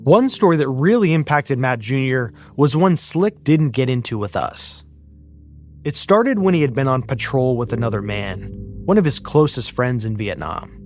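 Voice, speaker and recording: Man narrating over faint music. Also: mid-range voice. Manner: measured, even storytelling. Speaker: podcast host. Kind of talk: scripted narration.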